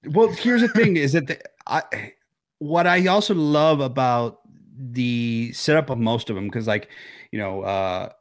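A man's voice: medium pitch, a little slow, dry recording, clean studio sound. A young man co-hosting a podcast from home, chatting casually and often restarting his thoughts. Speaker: podcast co-host. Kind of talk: casual chat. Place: home, remote recording.

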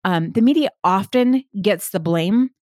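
A woman's voice: medium pitch, animated, unhurried, mellow, dry recording, studio quality. A woman hosting a solo podcast, reading quotes aloud and then breaking them down point by point, often checking in with "right?". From Texas, United States. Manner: explains step by step, checks in with "right?" and "okay?". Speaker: podcast host and coach.

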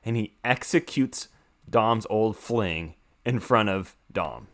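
Excitable rambling young man recapping. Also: lowish voice, slow. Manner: rambling, excitable, swears freely. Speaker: podcast co-host recapping a film. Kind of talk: casual chat.

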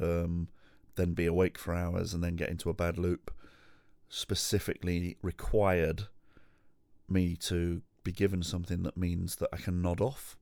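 A man's voice: low-pitched, completely flat delivery, a little slow, creaky, a little mellow, no room sound, clean studio sound. A man hosting a solo podcast from his home, candid, rambling and sweary. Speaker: podcast host.

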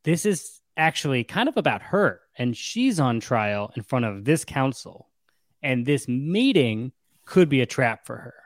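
A young man co-hosting a casual chat, retelling a story with lively, acted-out quotes. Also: mid-range voice, measured pace, no echo, studio quality. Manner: animated, acts out quotes with shifts in voice. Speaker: podcast co-host recapping a novel.

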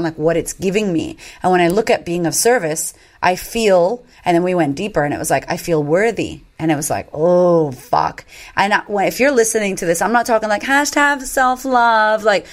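A woman in her thirties telling stories candidly as a podcast guest, swearing freely and acting out what people said. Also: lowish voice. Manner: animated, swears freely, acts out quotes. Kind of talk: candid conversational storytelling.

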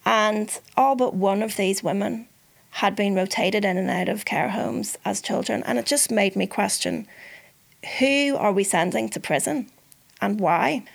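A woman guides a conversation between practitioners, laying out facts in a calm and articulate way. Her voice has a gravelly, creaky texture. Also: medium pitch. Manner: measured, articulate framing of facts. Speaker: interviewer and Samaritan volunteer. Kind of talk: hosted discussion between practitioners.

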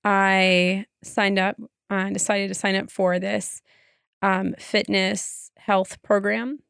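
A woman's voice: medium pitch, flat delivery, slow, vocal fry, fairly bright tone, smooth, no echo, clean studio sound. A young woman co-hosting a podcast, chatting casually and laughing often. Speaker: podcast co-host. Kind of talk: casual chat.

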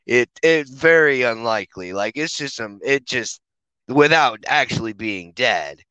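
A man's voice: medium pitch, expressive, a little slow, sharp tone, no room sound, low-quality recording. A man chatting on a podcast, telling rambling stories full of swearing and restarts. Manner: rambling, profane storytelling. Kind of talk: casual podcast chat.

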